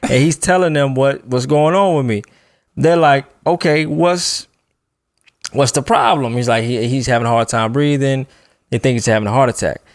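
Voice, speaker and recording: A man's voice: medium pitch, a little fast, dry recording, clean studio sound. A man casually telling a long personal story on a podcast, loose and laughing as he goes. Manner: laid-back, laughs while telling a story. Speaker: podcast co-host.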